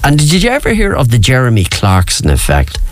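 A man's voice: mid-range voice, wildly swooping pitch, fairly quick, no room sound. A man hosting a radio show, chatting casually through on-this-day facts with playful asides to the listener, speaking into a studio mic. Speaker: radio host.

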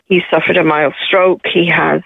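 Middle-aged woman, radio caller, phone-line sound, matter-of-fact, pausing. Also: lowish voice, gravelly, breathy edge, no room sound. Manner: steady, matter-of-fact, with pauses and ums.

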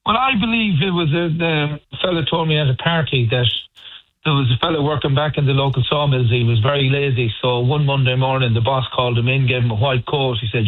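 A man's voice: medium pitch, no echo. Man on a tinny phone line. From Ireland. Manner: chatty storyteller, halting restarts. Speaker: band member guest. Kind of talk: casual radio interview.

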